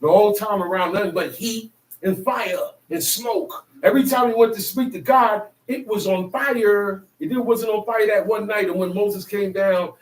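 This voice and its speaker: A high-sitting, darkish male voice belongs to a street preacher doing call-and-response teaching. He fires colloquial, emphatic rhetorical questions at his audience, and the distant mic picks up echo and faint ambient noise.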